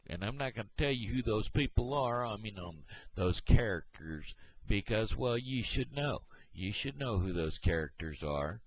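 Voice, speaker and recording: A man from Missouri vlogging in a meandering, halting, folksy monologue. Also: on the low side, animated. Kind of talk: rambling casual monologue. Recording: dull lo-fi home recording.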